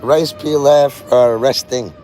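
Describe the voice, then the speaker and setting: A man's voice: medium pitch, fairly even intonation, takes it slowly, a little mellow, faint music behind, rough recording. A man rambling on a live stream from an open-air city plaza, joking, swearing and talking to the birds. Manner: loose, joking, swears casually, talks to birds and viewers. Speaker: livestream vlogger. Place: open-air plaza among tall city buildings, outdoors. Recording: outdoor phone audio with street noise. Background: city street ambience.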